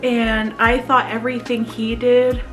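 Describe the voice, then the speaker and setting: A woman's voice: on the high side, level tone, unhurried, over music. A woman in her twenties chatting in a confessional vlog, emotional and laughing nervously as she reads her old journal aloud. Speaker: vlogger.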